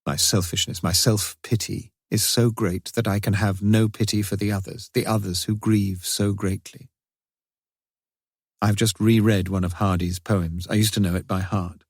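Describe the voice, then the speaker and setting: Grieving father's diary voice, low and dry, solemn and despairing, as a narrator reads it. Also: flat delivery, moderate pace, dry recording. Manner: solemn, despairing, theatrical reading. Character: anguished, grieving father writing a confessional diary.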